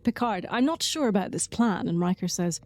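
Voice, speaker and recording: A woman co-hosting a relaxed podcast, talking at a middle pitch. She eagerly rattles off trivia and fun facts. Her voice sounds dry and close, with no room behind it. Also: fairly quick, dry recording. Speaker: podcast co-host. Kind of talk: casual podcast chat.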